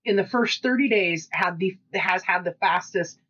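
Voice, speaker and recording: A woman with a Pacific Northwest American accent, co-hosting a podcast in casual chat and telling stories with lively quoted dialogue. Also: on the low side, normal speed, dull audio. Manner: chatty storytelling, animated quoted dialogue. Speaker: podcast co-host.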